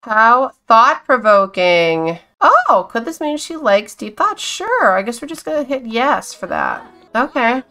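A woman's voice: on the high side, very animated, unhurried, pushed and bright. A woman giving casual gameplay commentary, chatting to her game characters, exclaiming and giggling often. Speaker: gameplay streamer.

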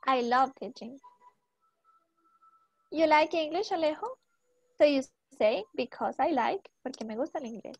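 A woman's voice: high voice, animated, moderate pace, pauses often, dry recording, muffled recording. A young woman teaching an English class to students, asking many short questions and switching into Spanish to explain.

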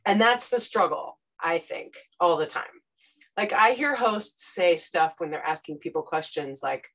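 A woman's voice: lowish voice, unhurried. A woman, a podcast host telling stories on a panel and acting out quotes with casual fillers. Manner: lively storytelling, acts out quotes, casual fillers. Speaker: podcast host and former radio correspondent, interview guest. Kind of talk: animated panel conversation.

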